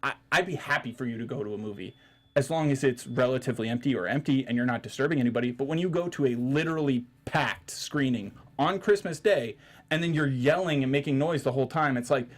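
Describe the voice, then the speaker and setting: A man's voice: medium pitch, fast. A man hosting a podcast in a studio, ranting in casual chat, swearing and restarting his sentences. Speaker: podcast host.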